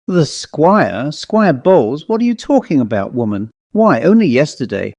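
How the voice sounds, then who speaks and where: A man voicing an old-fashioned country rector who speaks crisply and a little impatiently. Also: fairly high pitch, sing-song, moderate pace, darkish tone, no room sound. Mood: brisk. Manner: crisp, clipped and somewhat impatient. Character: brisk, fussy male country rector.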